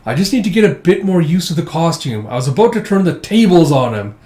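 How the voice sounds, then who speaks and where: A man's voice: a little high, very animated, quick pace, dark tone, pitched above the performer's own voice. A man doing a blustering old male hero. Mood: gruff. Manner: blustery, defensive. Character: gruff aging male hero, blustering, proud. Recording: echoey room.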